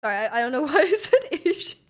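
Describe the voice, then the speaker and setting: Chatty woman, slightly high voice. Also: big pitch swings, fast. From Vancouver, Canada. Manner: rambling, filler-heavy with frequent "like", giggly. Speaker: live streamer. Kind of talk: casual chat, reading out chat.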